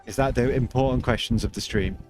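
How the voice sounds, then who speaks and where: A man's voice: medium pitch, fairly even intonation, fairly quick, darkish tone, soft background music. Chatty man streaming a game. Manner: chatty, reads chat aloud, rambling with restarts. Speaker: livestream host. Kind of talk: casual game livestream chat.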